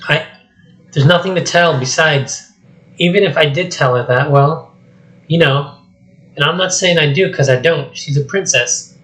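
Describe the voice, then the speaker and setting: A man voicing a grumpy, awkward male ogre while reading a script aloud, halting and mumbling. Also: on the high side, a bit bright, rough recording. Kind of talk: solo script reading with voices.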